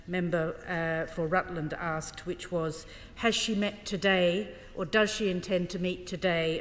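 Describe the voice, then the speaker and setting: A woman shadow minister giving a formal parliamentary speech, pressing pointed questions. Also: on the low side. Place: large debating chamber. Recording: reverberant parliamentary chamber.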